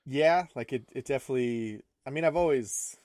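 A man's voice: medium pitch, brisk, a little mellow, dry recording, clean studio sound. A young man hosting a casual podcast chat, joking, laughing often and restarting his sentences. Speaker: podcast co-host.

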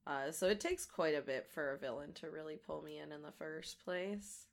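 A woman with a gravelly voice today, chatting casually and rambling as she crafts. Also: deep voice, normal speed. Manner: rambling and chatty, many fillers. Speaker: audio creator and crafting vlogger. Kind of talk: casual chat while crafting.

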